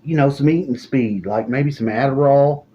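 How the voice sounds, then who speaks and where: A man's voice: medium pitch, normal speed, lo-fi sound, slight background noise, pitched above the performer's own voice, close to an everyday voice. A man voicing his middle-aged mother, a scatterbrained woman pleading with her son in a whiny way.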